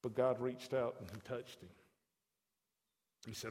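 A man's voice: mid-range voice, a little slow, a little mellow. A man preaching a sermon as pastor, mixing folksy conversational asides with emphatic declarations, in a church sanctuary. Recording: long hall reverb.

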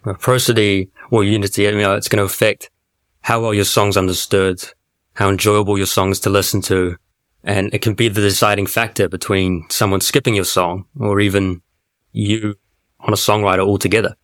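A man co-hosting a podcast, explaining points in a measured, casual way. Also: lowish voice, level tone, a bit bright, no echo, clean studio sound. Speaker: podcast co-host.

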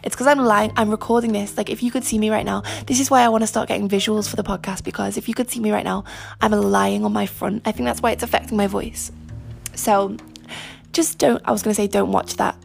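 A young woman talks through her podcast in loose, emphatic chat, laughing at herself as she goes. Her voice carries a gravelly fry and sounds a little husky today, with a faint bed of music underneath. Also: mid-range voice, steady tone, quick pace. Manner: chatty, self-mocking, emphatic. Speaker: podcast host. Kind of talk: casual solo podcast chat. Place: lying on her front while recording.

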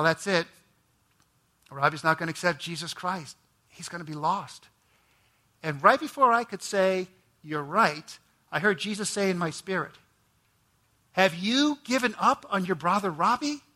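A man telling a personal testimony as a sermon, earnest and storytelling, his voice climbing when moved. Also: bright, forceful tone. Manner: earnest storytelling, voice rising high when emotional. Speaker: ministry president.

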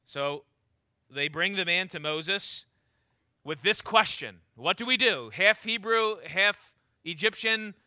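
A man delivers a sermon in a high, very bright voice. He reads scripture aloud and stretches key words for weight. The sound is close and dry, with no room echo. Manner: emphatic, slows down to stress key words. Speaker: preacher.

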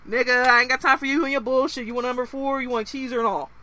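A woman voicing a rude, fed-up young fast-food worker who curses at customers. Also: high voice, fairly even intonation, bright, forceful tone. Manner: brash and cursing.

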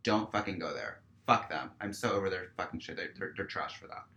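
Bright-voiced man telling a story. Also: low-pitched, fairly quick, gravelly. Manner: profane, peppered with "like"; animated storyteller acting out dialogue. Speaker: guest, stage performer. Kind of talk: casual podcast chat, storytelling.

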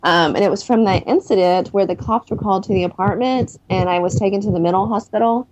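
A woman's voice: mid-range voice, quick pace, a little mellow, slight background noise. A woman in her thirties, a guest in an interview, candidly telling her own story of recovery. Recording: dull lo-fi recording.

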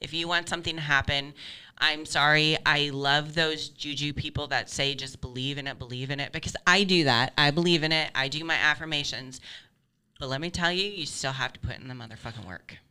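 Bright, crisp-voiced woman, blunt and motivational. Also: sits low, a little fast. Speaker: podcast guest. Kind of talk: casual interview chat.

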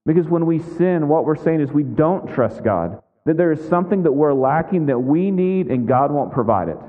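A man's voice: fairly high pitch, expressive, normal speed. Conversational male pastor, tinny hall recording. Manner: conversational, with frequent "right?" asides and restarts. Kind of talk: sermon. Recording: tinny lo-fi sound in a big echoing hall.

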